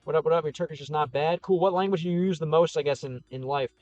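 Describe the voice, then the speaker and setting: A man's voice: on the high side, fast talker, darkish tone, no room sound, dull audio, faint music behind. A man with a Chicago Midwest accent hosting a casual livestream, reading comments in a rambling, upbeat and encouraging way with lots of fillers. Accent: Chicago, American Midwest. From American Midwest.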